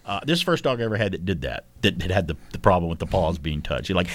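Man, radio host, casual chat, rambling and jokey, fast, lively pitch. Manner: rambling, jokey, self-deprecating, laughs often. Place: radio studio.

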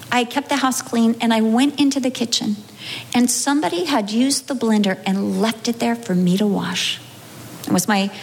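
A middle-aged pastor's wife giving a humorous personal testimony in a sermon, animated and acting out her own past reactions. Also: on the high side, creaky, in a large hall, a little hiss or hum. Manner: animated storytelling, acting out her own wails and self-talk.

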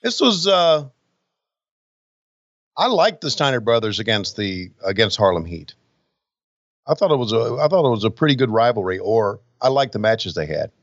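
A man's voice: mid-range voice, big pitch swings, normal speed, pauses often, dry recording, muffled recording. A man co-hosting a podcast, wry and profane, joking while watching wrestling. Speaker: podcast co-host. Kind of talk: casual chat watching wrestling.

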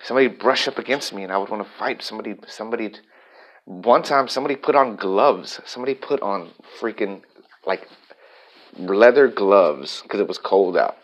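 A man's voice: fairly low pitch, fairly quick, low-quality recording. A man vlogging a personal, reflective monologue, talking candidly and rambling with frequent restarts.

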